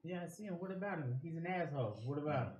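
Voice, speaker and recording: A man's voice: a little high, lively intonation, very fast, darkish tone, slight background noise. A man playing a tabletop game, bantering tough in character. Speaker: player. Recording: roomy echo.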